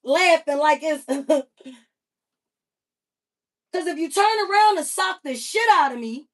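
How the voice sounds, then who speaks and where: A woman's voice: extremely high pitch, slow pace, fairly bright tone. A woman hosting a livestream, ranting casually in an emphatic, heavily profane way. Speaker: livestream host. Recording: voice a bit far from the mic.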